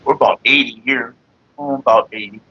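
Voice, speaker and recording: A man's voice: medium pitch, steady tone, a little fast, bright, forceful tone, slightly rough, dull audio. A man vlogging casually, rambling in profane, mock-exasperated rants. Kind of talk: casual smoking-session vlog.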